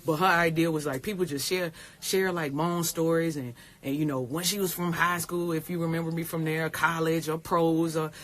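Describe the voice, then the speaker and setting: A woman's voice: deep voice, steady tone, moderate pace, hardly any pauses. A woman, talking in a rambling, tearful way on a phone livestream, repeating herself and swearing. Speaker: pro basketball player. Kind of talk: casual livestream talk.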